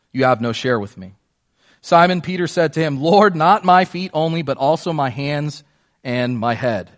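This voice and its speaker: A man preaching a sermon as pastor, in a conversational way, often asking the congregation questions. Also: on the high side.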